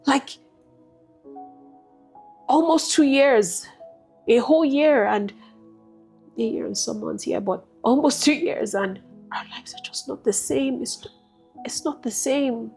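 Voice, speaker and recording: A woman with a husky, breathy voice gives a candid personal testimony as an interview guest. She talks softly and leans on repetition to drive home what she felt. Faint music sits behind her. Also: high-pitched, slow pace, pauses often. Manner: candid, soft-spoken, repetitive emphasis, rising to intense. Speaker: guest sharing a personal story.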